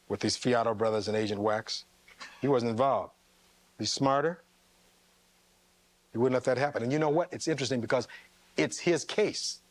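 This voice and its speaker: A man's voice: mid-range voice, dry recording. Emphatic man giving a closing argument. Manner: reads testimony aloud and fires rhetorical questions to the jury. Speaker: defense attorney.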